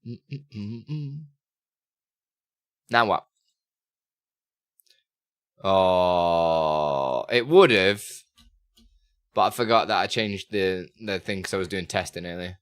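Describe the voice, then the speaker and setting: A man hosting a casual live stream chats freely with viewers and answers their questions, his pitch swinging animatedly as he reads messages aloud, and between them he mutters about his software settings. He speaks slowly with long pauses and lively intonation, in a dry, studio-quality recording.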